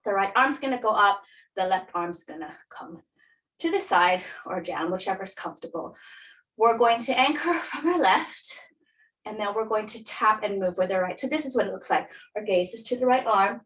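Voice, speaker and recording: A woman's voice: mid-range voice, animated, normal speed, a bit bright, far from the mic, low-quality recording. A woman fitness instructor, a little out of breath, guiding a workout and counting reps with encouragement.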